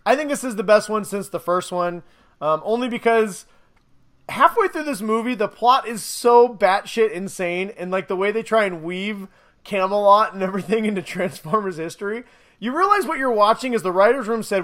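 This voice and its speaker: A man with a high voice chats casually on a podcast. He rambles excitedly through his review, laughing as he goes. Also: moderate pace. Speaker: podcast co-host reviewing a movie.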